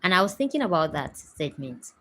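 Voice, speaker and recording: A woman's voice: on the low side, very animated, fairly quick, pushed and bright, poor audio. A woman in her thirties with a Nigerian English accent, hosting a casual chat from home and telling stories with emphatic asides to her viewers. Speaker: host. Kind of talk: casual chat to a live audience.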